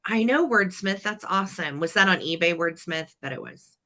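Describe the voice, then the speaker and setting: Bright-voiced chatty woman selling vintage. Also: on the low side, animated, normal speed. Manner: chatty, playful, detailed item descriptions. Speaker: live sale co-host. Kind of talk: live-stream auction chat.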